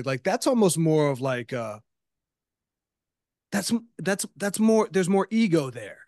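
Slightly high-voiced man, halting chat. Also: big pitch swings, a little mellow, no room sound, studio quality. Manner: laughs easily, halting with many restarts and fillers. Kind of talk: casual film discussion.

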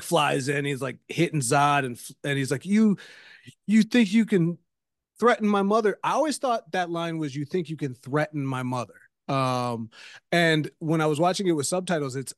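A man with a slightly higher voice chatting casually about a film. He laughs easily and restarts his sentences often, recorded dry and close. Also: no room sound. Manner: laughs easily, halting with many restarts and fillers.

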